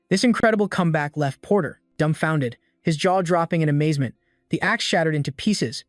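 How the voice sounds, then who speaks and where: A man reading a scripted story recap as narrator, in an even, steady delivery. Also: a little high, no echo, clean studio sound. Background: faint background music.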